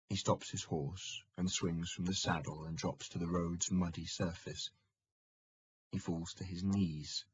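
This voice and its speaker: A man reading a historical novel aloud in steady, measured audiobook narration. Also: low voice, slightly rough, dull audio.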